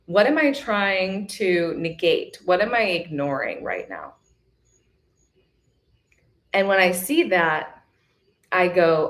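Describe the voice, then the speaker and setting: A woman with a lowish, expressive voice takes her time and pauses often as she hosts a live self-love retreat. Her motivational talk is emphatic and casual, chatty in manner, with repetitive coaching.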